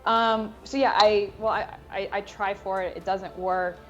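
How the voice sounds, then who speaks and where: A woman's voice: medium pitch, steady tone, unhurried, a bit bright, muffled recording. A woman with a mid-range voice talks through her character's move in a tabletop game. She hesitates, restarts and rambles. Music plays faintly behind her. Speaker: player.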